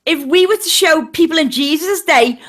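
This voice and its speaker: A woman with a Liverpool accent chats away bluntly on a video call and swears freely. Her voice is high, and its tone is bright and forceful. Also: animated, normal speed. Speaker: panelist in a group video chat. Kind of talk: casual chat.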